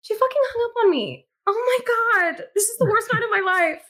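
A woman's voice: mid-range voice, moderate pace, natural voice. A woman voicing her tabletop game character, a frazzled young woman who keeps apologizing and swearing through a terrible night. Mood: pleading. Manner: flustered, apologetic, swearing under breath.

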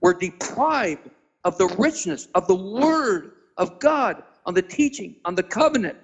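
A man preaching as a guest, retelling a Bible story dramatically and acting out the characters with sudden high-pitched voices. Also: expressive, slightly rough, rough recording. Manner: spells out and stresses Hebrew words slowly. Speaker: pastor being interviewed.

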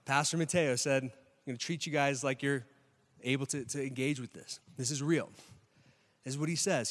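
Animated preacher in a reverberant hall. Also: male voice, mid-range voice, normal speed. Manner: animated storytelling, asks the crowd questions. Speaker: pastor. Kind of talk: sermon.

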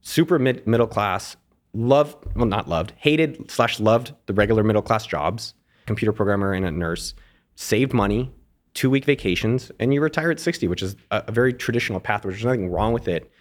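A middle-aged man, a guest on an interview podcast, telling family stories in a casual, animated way with frequent restarts. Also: fairly low pitch, a little fast.

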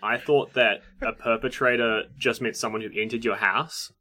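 A playful man on a comedy podcast with a bright, forward voice that has an edge of tension. He tells little stories and jumps into bits with his co-hosts. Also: mid-range voice, steady tone, normal speed. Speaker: podcast co-host. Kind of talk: improv comedy chat.

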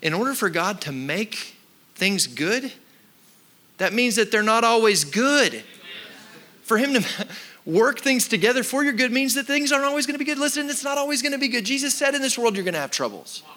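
A man in his thirties preaching a sermon as pastor, telling a story with animated shifts from loud to quiet. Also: extremely high pitch, normal speed. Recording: sermon with music behind. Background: music.

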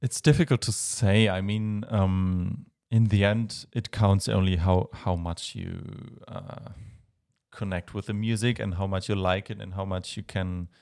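German-accented male guest, lowish voice, hesitant and friendly. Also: steady tone, measured pace, creaky, a little mellow. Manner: hesitant, many fillers, laughs often. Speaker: guest, Baroque violinist. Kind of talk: casual interview chat.

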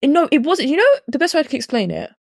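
A woman's voice: high-pitched, very animated, quick pace, creaky, dry recording, clean studio sound. A woman co-hosting a casual film podcast, talking animatedly and acting out her own reactions. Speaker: podcast co-host.

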